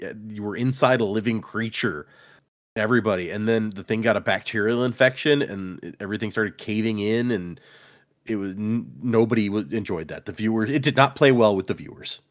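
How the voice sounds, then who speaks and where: A man's voice: lowish voice, a little fast. A man co-hosting a podcast, casually recapping book chapters and acting out characters' lines as he goes. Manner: animated retelling, acts out quotes, frequent laughs. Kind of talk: casual chat.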